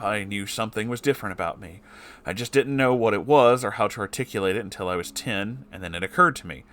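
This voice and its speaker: A man's voice: mid-range voice, fairly bright tone, slight background noise. A man reading a story aloud and often breaking off to swear and react angrily. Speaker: story reader.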